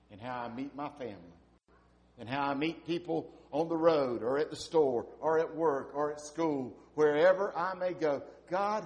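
A man in his fifties preaching a sermon, swinging from hushed, near-whispered lines to loud, emphatic ones. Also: fairly high pitch. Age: 50s. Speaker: pastor.

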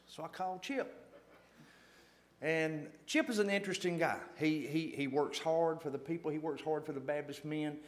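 A man's voice: fairly high pitch, moderate pace, pauses often, a little hiss or hum. A man telling a folksy, self-deprecating story to a church gathering, repeating phrases for emphasis. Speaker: church lay speaker.

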